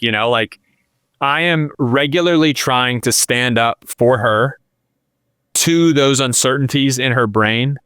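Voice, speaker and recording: Smooth-voiced man in his thirties, rambling. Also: medium pitch, unhurried, a bit bright, no echo, studio quality. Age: 30s. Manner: rambling, filler-heavy storytelling; openly emotional, candid. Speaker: podcast guest. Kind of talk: casual podcast conversation.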